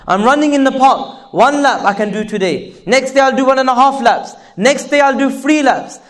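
A male preacher delivers a sermon in an earnest, repetitive way. His voice sits high for a man. He pushes up for emphasis, then falls into quiet, low asides.

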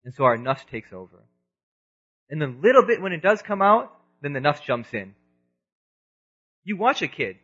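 A man in his thirties giving an earnest religious lecture, moving between loud emphasis and quiet asides, in a dull lo-fi recording. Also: on the high side, very animated, moderate pace, pauses often. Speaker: preacher.

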